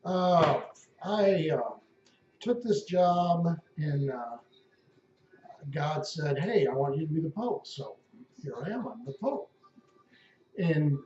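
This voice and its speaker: A man voicing a weary, very old male pope who is fed up and rambles haltingly with fillers. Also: fairly high pitch, animated, a little mellow, distant mic, a little hiss or hum. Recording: echoey room, dull lo-fi sound.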